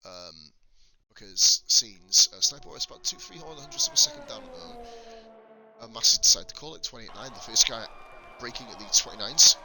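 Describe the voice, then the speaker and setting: A man's voice: medium pitch, huge pitch swings, brisk, bright, forceful tone. A man from England with a slight lisp, giving blunt, sweary live commentary on a sim racing stream into a desk mic.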